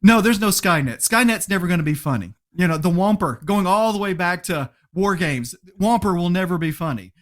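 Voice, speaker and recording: Animated man telling stories, fairly high voice. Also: a little fast, hardly any pauses. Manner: animated storyteller, laughs often, acts out quotes. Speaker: podcast guest. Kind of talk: casual interview chat.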